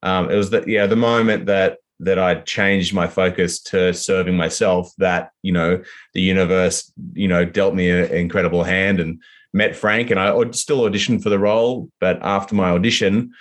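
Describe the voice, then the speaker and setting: An Australian man speaking in a fairly low voice in a relaxed interview. He rambles through his answers, full of fillers, restarts and loose asides. He sounds like an actor talking about his work. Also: moderate pace. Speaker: actor guest. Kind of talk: casual interview.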